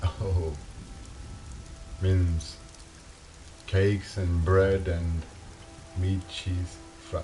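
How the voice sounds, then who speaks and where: A man from Europe chatting casually, halting and repeating his words in non-native phrasing, with faint rain behind him. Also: deep voice, flat delivery, music in the background. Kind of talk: casual one-sided chat.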